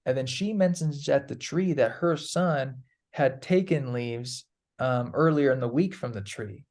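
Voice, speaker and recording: A man's voice: mid-range voice, a little slow, a little mellow. A man chatting as a guest, telling a loose, rambling story with plenty of fillers and casual swearing. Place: Peru.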